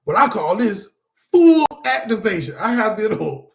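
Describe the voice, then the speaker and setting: A man's voice: high voice, sing-song, a little slow, reverberant. A man hosting a support-group talk to camera, part preaching, part casual chat, who laughs often and calls his viewers y'all.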